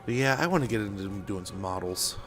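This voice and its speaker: A man's voice: on the low side, lively intonation, fast talker, fairly bright tone, faint music behind. Chatty young man streaming a game. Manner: rambling and chatty, many fillers and laughs. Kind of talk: casual gameplay chat.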